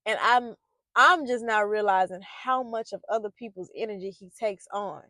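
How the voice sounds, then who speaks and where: Heard at a medium pitch and normal pace with no echo, a woman who is a poet and parenting vlogger shares a heartfelt, reflective monologue on parenting. She speaks loosely, with many fillers and restarts, and turns emphatic and louder as she makes her points.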